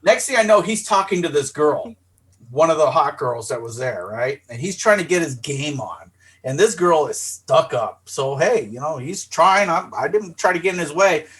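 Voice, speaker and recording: Animated profane podcast storyteller man. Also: fairly high pitch, normal speed. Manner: animated, profane, acts out his own voice in quotes. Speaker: podcast co-host. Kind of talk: casual storytelling.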